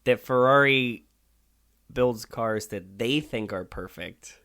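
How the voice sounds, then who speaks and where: A man's voice: mid-range voice, takes it slowly, sharp tone, clean tone. A man co-hosting a podcast in casual chat, rambling with lots of fillers and swearing casually. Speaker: podcast co-host.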